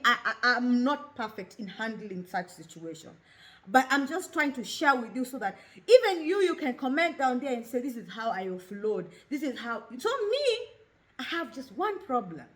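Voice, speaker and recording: This is a candid personal monologue from a Kenyan talk show host in her thirties, delivered in a slightly high, somewhat bright voice. She is open and expressive, mixing English and Swahili.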